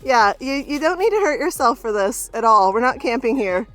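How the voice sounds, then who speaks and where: With a slightly high, very animated and somewhat bright voice at normal speed, a young woman records a casual mountain trail vlog on a handheld camera. She laughs a lot, talks with her dog and friends, and runs out of breath now and then. Faint music plays behind a low-quality recording.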